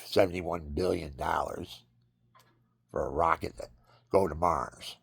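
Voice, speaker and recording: Gravelly deep-voiced man preaching rambling. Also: unhurried, no room sound, studio quality. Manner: rambling, preachy, acts out scenes with sudden high cries. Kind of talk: rambling religious monologue.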